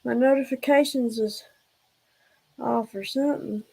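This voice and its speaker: A woman's voice: sits high, normal speed, creaky, a little mellow. A woman hosting a casual livestream, rambling and out of breath as she talks to her viewers. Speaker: livestream host.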